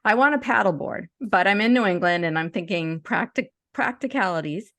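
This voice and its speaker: A woman's voice: medium pitch, lively intonation, fairly quick, fairly bright tone, no echo. A woman co-hosting a podcast, chatting casually and reading a story aloud with small stumbles and restarts. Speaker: podcast co-host.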